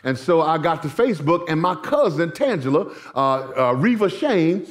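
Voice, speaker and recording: A man's voice: a little high, big pitch swings, normal speed. A middle-aged male pastor preaching a sermon in church, telling stories with folksy asides to the congregation. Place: church sanctuary.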